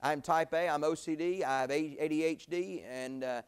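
A man, preaching a sermon in a folksy storytelling way, jumping from loud exclamations to quiet asides. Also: on the high side, normal speed, a little hiss or hum. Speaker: pastor.

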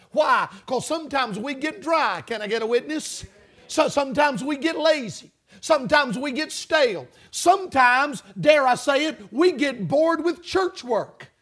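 A man's voice: very high voice, expressive, normal speed, fairly bright tone. A male preacher giving a revival sermon, with rhythmic, emphatic phrasing and call-and-response lines to the congregation.

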